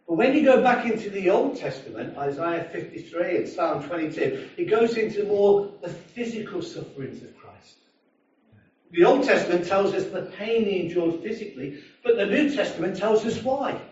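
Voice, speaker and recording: A man with a high-sitting voice preaches a sermon in church at a normal speed, telling a story and acting out its characters. He's animated and storytelling, even putting on a drunk's voice. The recording is dull and distant, echoing through the church hall.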